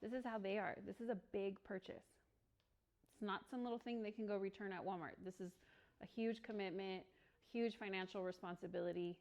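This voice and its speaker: A woman leading a real estate training session for a small group, chatty and quick to laugh, often acting out little bits of dialogue. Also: medium pitch, fairly even intonation, darkish tone. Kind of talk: workshop teaching.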